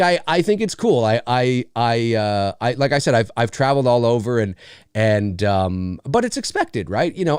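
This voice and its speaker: A Canadian man hosting a live Q&A, talking in an animated, rambling way with casual swearing. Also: mid-range voice, clear, resonant tone, no room sound, studio quality. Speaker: host. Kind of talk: live Q&A chat.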